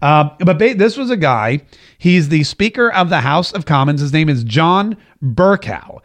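A man's voice: fairly high pitch, expressive, measured pace. Emphatic man hosting a political show. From United States. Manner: emphatic, repeats phrases for stress. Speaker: podcast and radio host. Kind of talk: political commentary.

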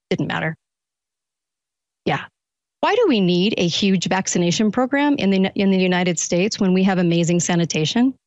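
A woman's voice: medium pitch, dry recording, dull audio. A woman guest-hosting a political talk radio show, firing off one incredulous rhetorical question after another.

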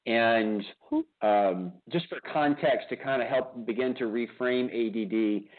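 A man's voice: medium pitch, measured pace. A man hosting a radio interview show, talking casually and animatedly, with lots of restarts and repeated words. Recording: tinny phone-like line.

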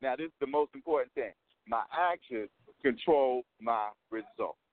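A motivational coach with a medium-pitched voice recounts a story during an interview at a moderate pace. He's emphatic, repeating his points and checking in with the listener. The audio is dry, with the sound of a phone line.

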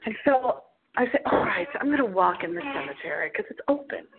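A woman's voice: mid-range voice, sing-song, fairly quick. A woman hosting a late-night radio show, talking in a theatrical, playful, giggly way as she tells a story. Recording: tinny phone line.

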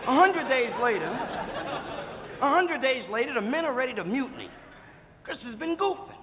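A man telling a slangy comic story in a lively way, from a played comedy record. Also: very high-pitched, moderate pace, a crowd in the background. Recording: tinny, hissy, reverberant comedy record.

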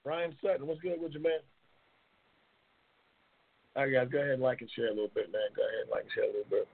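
A man's voice: mid-range voice, fairly even intonation, fast, creaky, breathy edge. A man hosting a casual live-stream talk show in a loose, slangy, rambling manner, repeating his phrases. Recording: tinny phone-like line.

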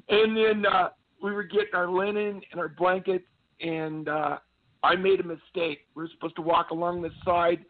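A man calling in to a radio show who tells earnest, meandering army stories in a fairly high voice. The sound is thin and tinny, like a phone line. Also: fairly even intonation, normal speed. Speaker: guest, army veteran. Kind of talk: casual phone-in storytelling.

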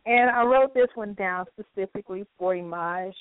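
A woman's voice: fairly high pitch, moderate pace, hardly any pauses, no echo, phone-quality sound. A woman co-hosting a radio talk show in casual chat, laughing often.

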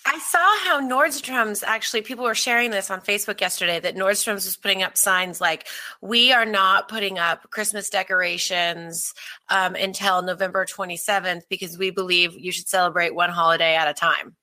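A woman's voice: medium pitch, moderate pace, bright, forceful tone. A woman co-hosting a podcast, chatting casually and laughing often. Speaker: podcast co-host.

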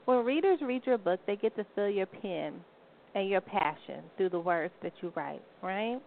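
A woman's voice: mid-range voice, lively intonation, normal speed, creaky. A woman co-host chatting casually and explaining the show's segment at length. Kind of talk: casual talk show chat. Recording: tinny phone line with faint noise.

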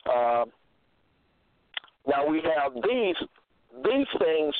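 A man preaching scripture in a slow, deliberate way, repeating phrases and checking in with "okay?". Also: on the high side, sing-song. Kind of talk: scripture teaching monologue. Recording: tinny phone-line sound, dry.

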